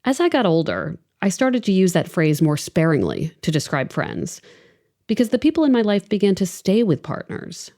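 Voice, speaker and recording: A woman's voice: medium pitch, big pitch swings, normal speed, warm tone. A woman in her forties hosting a podcast, narrating a scripted story in a wry, conversational way. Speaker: podcast host.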